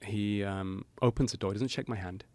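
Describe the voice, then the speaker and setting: A middle-aged man, a cardiologist guest on a podcast, tells a story in an animated way, with many "you know" fillers. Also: lowish voice, moderate pace.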